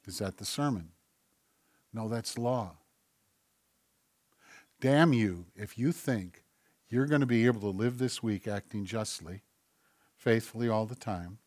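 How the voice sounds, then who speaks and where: A male pastor delivering a sermon, swinging between loud declarations and hushed, almost whispered asides, acting out the voices of churchgoers and God. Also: mid-range voice, dry recording, clean studio sound.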